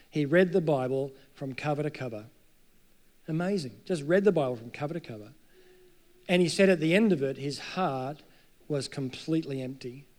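A man preaching a sermon, earnest, climbing to emphatic peaks and sinking to soft, low passages.

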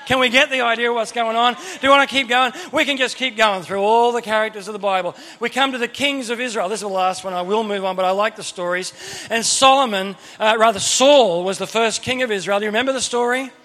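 A male preacher with a high, forceful voice talks fast as he delivers a sermon to a gathered crowd. He's a lively storyteller who acts out Bible characters with humorous asides, frequently pausing to put questions to his listeners.

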